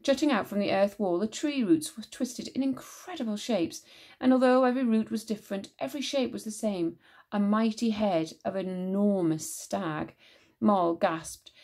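A woman teacher reading a children's novel aloud in a measured, expressive way. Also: medium pitch.

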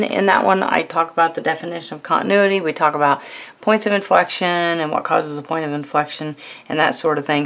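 A woman teaching a recorded calculus lecture, talking students through a problem step by step in a relaxed, conversational way. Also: lowish voice. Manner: relaxed, conversational, thinks aloud while writing. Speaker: math teacher.

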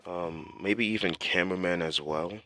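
A man's voice: low-pitched, moderate pace, bright, forceful tone. A young man giving casual gameplay commentary, talking to himself in slangy speech with lots of fillers. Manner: talks to himself while playing, slangy, with many fillers.

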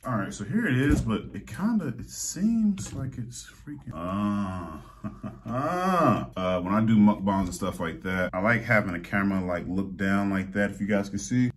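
Animated man ranting through an unboxing vlog. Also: lowish voice, a little slow, a little hiss or hum. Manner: animated storytelling, loud outbursts of exasperation. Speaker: vlogger. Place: indoor room with green screen.

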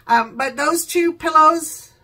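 A woman's voice: sits high, slow, sharp tone, low-quality recording. An older woman and grandmother chatting at home in her living room while showing products she bought, rambling off topic and laughing often. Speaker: product haul vlogger. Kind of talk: casual chat.

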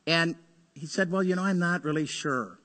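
Man, pastor, sermon, earnest storytelling, bright tone, long church reverb. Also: a little high, moderate pace. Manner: earnest storytelling, swings between urgent and hushed. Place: church sanctuary.

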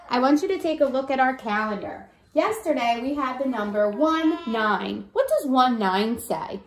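A young woman leads preschool circle time in an unhurried, sing-song voice that sits a little high. She coaxes answers out of small children. The sound carries an echoey room and faint noise. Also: big pitch swings. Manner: slow, sing-song, coaxing teacher talk with songs and call-and-response. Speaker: preschool teacher.

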